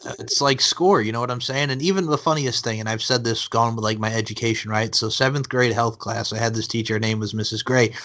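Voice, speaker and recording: A man in his thirties hosts a podcast interview. He talks in a loose, joking way and leans on "like" and "you know." His voice sits at an ordinary middle pitch. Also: fast talker, hardly any pauses, sharp tone. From Long Island, New York. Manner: chatty, jokey, heavy on fillers. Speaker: podcast host. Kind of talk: casual interview chat.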